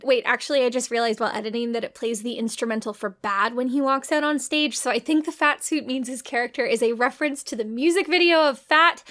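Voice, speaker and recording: A woman's voice: on the high side, fairly bright tone. Dry sarcastic woman commentator. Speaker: video commentator. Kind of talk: scripted comedic commentary.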